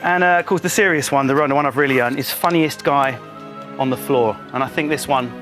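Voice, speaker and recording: A man with a Cockney accent doing a cheeky comic monologue on a TV panel show, riffing quickly. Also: mid-range voice, music in the background. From London. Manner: quick cheeky jokey delivery, mimicking people. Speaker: comedian panelist.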